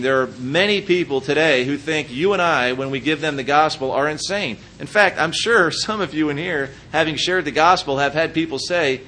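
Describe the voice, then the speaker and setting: A man preaching a sermon, walking the congregation through Bible passages with lively asides and acted-out quotes. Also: a little high, a little hiss or hum. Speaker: pastor.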